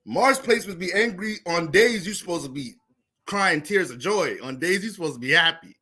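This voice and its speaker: A young man casually talking through an astrology livestream, profane and animated, laughing often. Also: high-pitched, normal speed, slightly rough.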